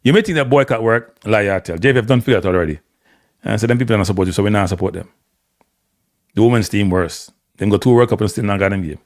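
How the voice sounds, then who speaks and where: A man with a Jamaican accent hosting a casual live-stream commentary, blunt and animated, slipping between patois and standard English. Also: fairly low pitch, quick pace, no echo, studio quality. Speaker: host.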